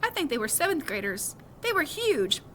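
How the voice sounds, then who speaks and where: A woman doing a calm, brave schoolboy. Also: high voice, moderate pace, a little hiss or hum, pitched above the performer's own voice, heavily acted. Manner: calm and laid-back.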